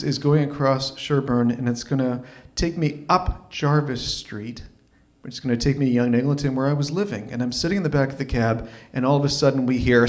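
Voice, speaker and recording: A man from Toronto, telling a story live at an open mic in a wry, animated, self-mocking way. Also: mid-range voice. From Toronto, Canada.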